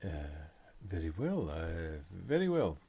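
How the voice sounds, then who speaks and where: A man's voice: deep voice, sing-song, slow, vocal fry, warm tone, husky, pitched below the performer's own voice, full character voice. A man voicing a polite, flustered male concierge who fusses over his guests.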